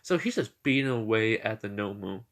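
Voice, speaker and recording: A man's voice: on the low side, animated, moderate pace, fairly bright tone. A young man casually retelling a fan story in a rambling way, with many restarts and laughs.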